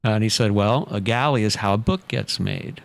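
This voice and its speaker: Gravelly low-voiced man telling a story. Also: normal speed. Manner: relaxed anecdotal, many fillers. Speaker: podcast guest, author. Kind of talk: casual storytelling.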